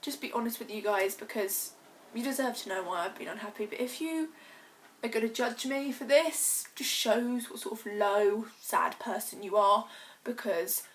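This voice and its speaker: Teen girl on her vlog, kinda high voice, choked up n halting, really earnest. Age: teens. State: choked up, tearful. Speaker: vlogger. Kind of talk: personal confessional vlog.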